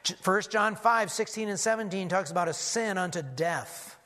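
A man's voice: high voice, moderate pace, bright, forceful tone. A man, a pastor, preaching an earnest expository sermon that he teaches point by point. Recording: long hall reverb.

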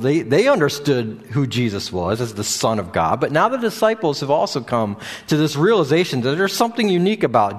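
A man preaching a sermon in a loose, unscripted way, with frequent fillers and restarts. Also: mid-range voice. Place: church or meeting room with a screen behind him.

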